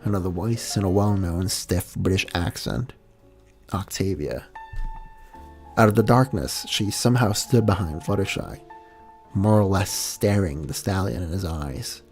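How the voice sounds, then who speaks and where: A man's voice: deep voice, animated, a little slow, a little mellow, faint music behind. A man streaming a reading of fan fiction, casual, laughing at his own mix-ups and swearing now and then.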